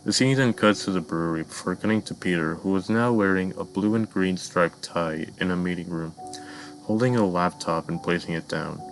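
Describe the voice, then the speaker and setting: Deep-voiced man narrating a dark story. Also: poor audio. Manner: measured storytelling, addresses listeners.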